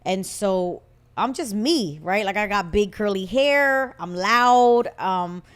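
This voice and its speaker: A woman in her thirties talks with a Puerto Rican-tinged northern US accent. She co-hosts a relaxed podcast chat. She tells personal stories in a lively, animated way. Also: medium pitch, slow, smooth. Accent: Puerto Rican-tinged northern US English. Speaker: podcast co-host. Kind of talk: casual chat.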